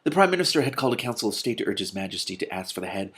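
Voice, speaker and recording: A man reading a children's novel aloud, breaking off for excited, gushing asides. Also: on the low side, rapid-fire, slightly rough. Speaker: reader.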